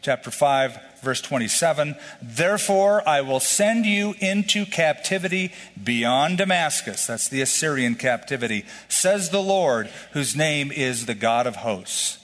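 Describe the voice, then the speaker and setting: A man's voice: medium pitch, lively intonation, unhurried, hardly any pauses, fairly bright tone. A male pastor teaching through a scripture passage in a conversational, explanatory way, with casual asides. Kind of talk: expository sermon. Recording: long reverb of a large hall.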